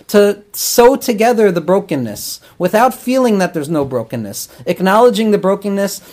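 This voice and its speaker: High-voiced man teaching with Hebrew terms. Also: a little mellow. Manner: earnest, explaining, weaves in Hebrew terms. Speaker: rabbi and therapist teaching. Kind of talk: talmudic teaching talk.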